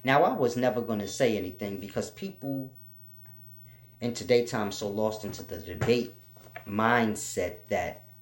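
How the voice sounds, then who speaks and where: A man giving an informal spiritual teaching, slow and repetitive, spelling out letters for emphasis. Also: lowish voice, animated. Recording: roomy echo.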